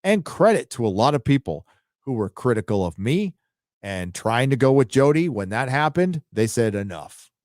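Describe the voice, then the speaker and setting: A man hosts a live stream at home, chatting loosely and reading out donations. His talk is offhand and rambling with casual swearing, at a mid pitch. The sound is dry and close. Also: big pitch swings, normal speed, darkish tone, dry recording. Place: home studio.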